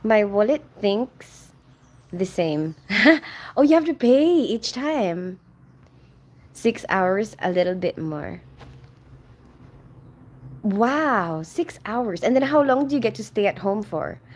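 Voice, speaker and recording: A woman's voice: mid-range voice, expressive, slow, long pauses. Female livestream host: chatty and friendly, greets viewers by name, reads comments aloud, loose and unscripted. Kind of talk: casual live chat, reading viewer comments aloud.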